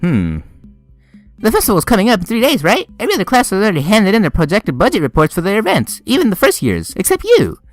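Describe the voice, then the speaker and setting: A man putting on a shrill, shouting schoolgirl. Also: wildly swooping pitch, quick pace, faint music behind. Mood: scolding. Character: loud bubbly teen schoolgirl, pushy.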